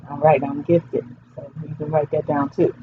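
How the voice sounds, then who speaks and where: A woman's voice: sits low, flat delivery, moderate pace, slight background noise. Woman tarot reader, casual rambling vlog delivery, dull lo-fi recording with faint background ambience. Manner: chatty, rambling, playful.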